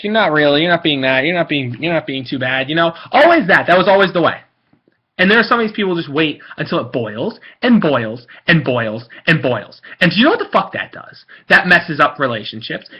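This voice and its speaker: A man's voice: on the high side, husky, dull audio. Angry, blunt man ranting. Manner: angry, blunt, repetitive, swearing. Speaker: card-collecting vlogger. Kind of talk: ranting monologue to camera.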